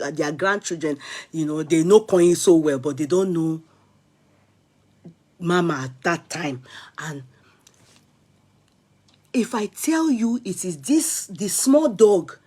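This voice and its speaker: A middle-aged woman with a Nigerian accent, telling a personal story in a casual vlog, animated and dramatic, with soft asides. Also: lowish voice, breathy edge. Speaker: vlogger.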